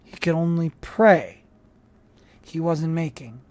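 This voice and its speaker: A reader narrating a novel aloud chapter by chapter in an even, unhurried way. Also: medium pitch, a little hiss or hum. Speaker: audiobook reader.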